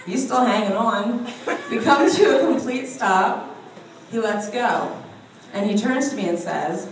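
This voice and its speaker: This woman shares a funny spiritual tale, her medium-pitched voice moving slowly with frequent pauses and bursts of laughter in an animated style. The recording picks her up from afar in an echoey room, with slight background noise.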